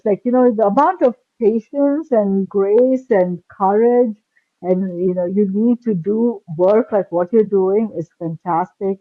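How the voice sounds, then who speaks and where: A woman's voice: medium pitch, no room sound, phone-quality sound. A woman hosting an interview podcast, chatty and telling stories with fillers. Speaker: podcast host, cardiologist.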